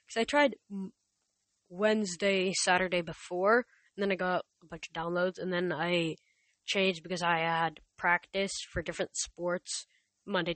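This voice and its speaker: A podcaster reading a novel aloud in a lowish, dry, close voice. She trips over words and restarts often, and she chats casually between chapters. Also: dry recording. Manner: stumbling restarts, many fillers.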